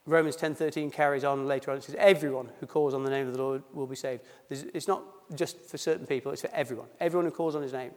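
Medium in pitch and fairly even in intonation, this pastor talks fast with hardly any pauses during a baptism service sermon. He drops his H's, reads scripture first, then puts it into plain conversational words, and a church hall gives long reverb.

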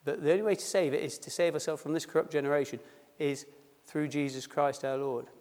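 A man's voice: on the high side, fairly even intonation, brisk, a little mellow. H-dropping male preacher in a reverberant church. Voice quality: drops his H's. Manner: reads scripture aloud, then explains it conversationally. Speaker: pastor. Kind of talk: sermon at a baptism service. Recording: long reverb in a church hall.

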